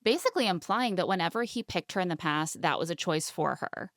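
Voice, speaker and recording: A young woman co-hosting a podcast, recapping a reality show in animated, indignant casual chat. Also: lowish voice, brisk, no room sound, studio quality. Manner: animated, indignant, quotes people in mocking voices. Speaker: podcast co-host.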